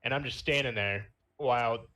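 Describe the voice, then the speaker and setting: Bright-voiced young man telling a rambling story. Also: mid-range voice, moderate pace. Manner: rambling storytelling with fillers and laughs. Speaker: podcast host. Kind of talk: casual chat.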